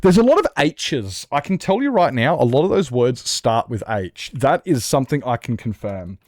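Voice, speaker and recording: A man's voice: medium pitch, sing-song, moderate pace, a little mellow, no echo, studio quality. An Australian man chatting casually and joking with his chat while streaming a building game. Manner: joking, self-mocking banter with chat.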